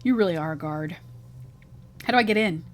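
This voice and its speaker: A woman's voice: on the low side, lively intonation, fairly quick, close to an everyday voice. Woman reading a dry skeptical detective.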